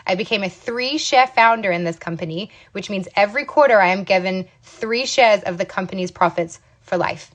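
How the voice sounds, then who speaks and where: Her medium-pitched, fairly bright voice runs a little fast with hardly any pauses, captured on a muffled recording. She's a thirty-something American woman recounting her business journey to camera in a casual motivational talk, emphatic and full of "okay?" and "you guys."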